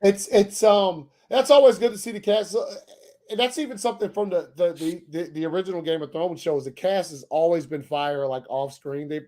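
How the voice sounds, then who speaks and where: A man with a notably high speaking voice hosts a casual stream. He rambles, restarts sentences and swears freely, talking from a home setup. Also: fairly quick, mellow. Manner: loose, profane, rambling with many restarts. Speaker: podcast host. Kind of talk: casual chat.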